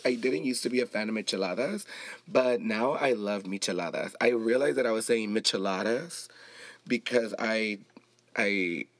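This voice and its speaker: A man's voice: lowish voice, no room sound. A man from Los Angeles hosting a casual solo podcast, chatty and rambling with playful asides. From Los Angeles, United States. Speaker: podcast host.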